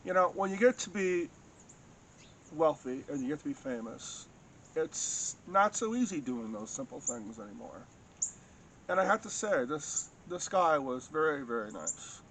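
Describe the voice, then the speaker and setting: A man casually telling a long personal anecdote in a rambling, halting way, full of restarts and fillers. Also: fairly high pitch, animated, fairly bright tone, a little hiss or hum. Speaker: storyteller recounting a personal encounter. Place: home in a rural farming area.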